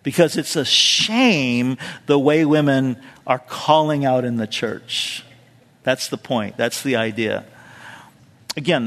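A man's voice: fairly high pitch, fairly bright tone. A male pastor preaching a verse-by-verse sermon in a conversational way, with asides and questions to the congregation. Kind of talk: expository sermon. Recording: long hall reverb.

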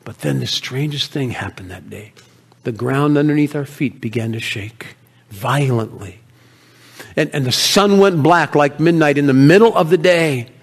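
A man performing a dramatic first-person monologue as an earnest merchant, an emotional storyteller who swings from loud to hushed. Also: mid-range voice, animated, moderate pace, gravelly, slightly rough. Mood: storytelling. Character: earnest male merchant telling his story.

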